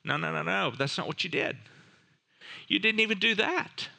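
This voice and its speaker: A man's voice: sits high, expressive, normal speed, vocal fry, sharp tone. A man preaching a sermon, retelling a parable dramatically with rhetorical questions and voiced characters. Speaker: pastor.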